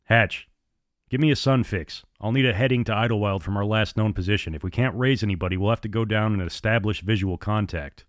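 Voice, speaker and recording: A man voicing a gruff, commanding male airline captain who speaks in curt, clipped orders. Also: on the low side, a little fast, dry recording, studio quality, lightly acted. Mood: terse.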